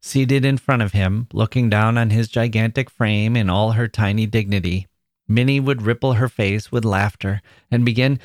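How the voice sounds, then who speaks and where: A man, a podcast host, reading a classic short story aloud in a measured storytelling manner. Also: fairly low pitch, fairly even intonation, dry recording, studio quality. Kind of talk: literary reading.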